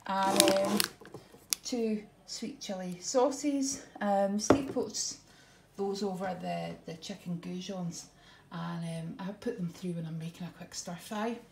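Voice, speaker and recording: A woman's voice: mid-range voice, takes it slowly, creaky. A middle-aged woman, chatting through her grocery haul in a homely way, full of ums and a little out of breath. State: a bit out of breath. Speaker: vlogger. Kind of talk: casual grocery haul chat. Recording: echoey room, faint noise.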